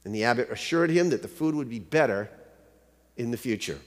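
A man's voice: mid-range voice, animated, fairly quick. A man, a pastor, preaching a sermon. He keeps asking the listeners rhetorical questions and tells a joke story to make his point. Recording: long hall reverb.

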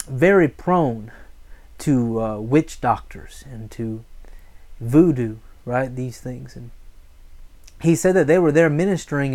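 A man preaching a sermon, emphatic and asking the congregation call-and-response questions. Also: a little high. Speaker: pastor.

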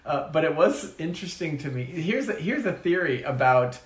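A man's voice: on the high side, lively intonation, normal speed. Man co-hosting, echoey room. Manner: agreeable, laughs often. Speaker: podcast co-host. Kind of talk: casual chat.

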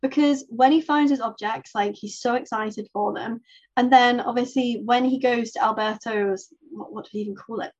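A woman's voice: fairly high pitch, normal speed. Chatty young woman, slightly muffled audio. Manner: chatty, animated, laughs often, many fillers. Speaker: podcast co-host. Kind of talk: casual chat.

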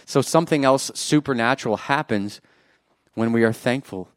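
A man preaching a sermon, animated and joking with the congregation, swinging from loud bursts to quiet asides. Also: medium pitch, normal speed, no echo, studio quality. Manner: jokes with the congregation.

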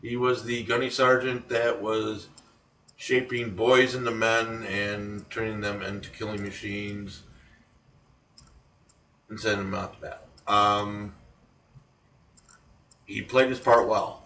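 A man's voice: fairly low pitch, little pitch movement, takes it slowly, long pauses, a bit bright, roomy sound, far from the mic, slight background noise, rough recording. A man co-hosting a casual chat, rambling with frequent ums and restarts. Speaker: podcast co-host.

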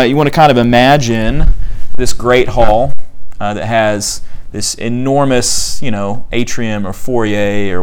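A man's voice: medium pitch, clean tone. Young man, casual group leader, chatty, filler-heavy, reads passages aloud. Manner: conversational, many fillers, reads quotes aloud. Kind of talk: casual teaching talk.

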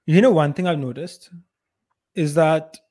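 A man's voice: on the high side, measured pace. A man with an Indian accent co-hosting a podcast, talking bluntly and with strong opinions. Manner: blunt, opinionated, uneven loudness. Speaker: podcast co-host. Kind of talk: casual podcast chat.

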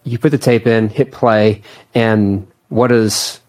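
A man's voice: fairly low pitch, fairly even intonation, takes it slowly, a little mellow. A man in his thirties hosting a podcast, chatting casually with a guest and joking at his own expense. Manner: chatty and self-deprecating, laughs often. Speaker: podcast host. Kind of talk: casual conversation.

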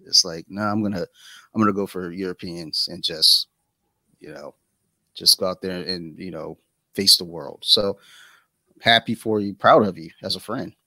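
A man's voice: low-pitched, fairly even intonation, moderate pace, pauses often, bright, forceful tone, dry recording, poor audio. A man hosting a casual podcast, talking loosely with many fillers and restarts. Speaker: podcast host.

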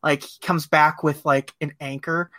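A man in a relaxed podcast chat about a movie, his voice bright and forward. He rambles through his points with lots of "like" and "uh" and breaks into laughter often. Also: fairly high pitch, measured pace. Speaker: podcast co-host. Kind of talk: casual film discussion.

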